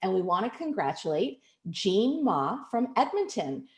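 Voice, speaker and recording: This woman hosts a video-call webinar, reading announcements and thanking people in a bright, upbeat manner. She has a sing-song, mid-range voice and an unhurried pace, recorded in an echoey space.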